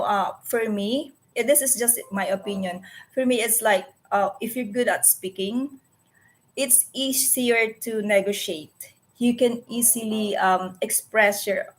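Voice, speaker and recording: A woman in her forties with a Filipino accent, whose first language is Tagalog, hosting a casual live stream from her computer. She talks earnestly and often stops to search for words and correct herself. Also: mid-range voice. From Philippines. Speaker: livestream host.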